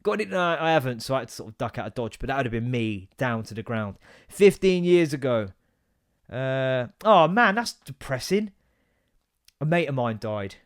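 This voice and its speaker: A man, hosting a comedy podcast with sweary, exasperated rants and sudden loud outbursts. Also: medium pitch, sing-song, normal speed, clean tone, no echo, clean studio sound. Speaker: podcast host. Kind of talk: comic ranting monologue.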